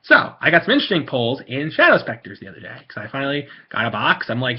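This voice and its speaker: A man vents to camera in an angry, blunt rant, circling back over the same complaints. His husky voice swings up and down widely in pitch. The recording sounds dull and lo-fi. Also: very animated, racing. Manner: angry, blunt, repetitive, swearing. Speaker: card-collecting vlogger. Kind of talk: ranting monologue to camera.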